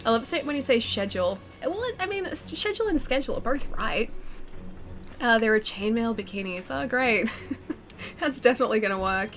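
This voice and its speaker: A woman's voice: a little high, lively intonation, brisk, a bit bright. A woman with a head cold, her voice stuffy and nasal as she chats casually on a live stream. She laughs easily and pokes fun at herself, close on a pop-filtered mic in a home room with faint game music underneath. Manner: chatty, giggly, self-deprecating. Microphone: close studio mic with pop filter.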